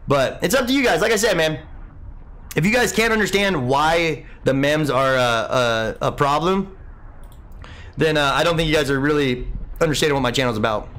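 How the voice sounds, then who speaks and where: A young man hosts a live game stream in a loose, rambling way, answering chat comments one after another. His voice sits a little high for a man, and he keeps dropping "man" and "dude" into relaxed, unhurried talk. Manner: laid-back, rambling, says "man" a lot. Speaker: livestream host.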